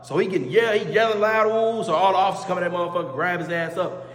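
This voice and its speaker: A man with a high, rapid-fire voice tells a casual storytime packed with street slang and repeated oaths. He's animated and acts out the heated quotes, and the echoey room carries a long reverb.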